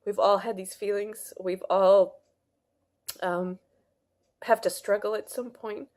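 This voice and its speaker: A woman's voice: mid-range voice, fairly even intonation, takes it slowly, a little mellow. A woman talking earnestly to camera in a casual, rambling monologue, full of restarts and fillers, as a wellness vlogger.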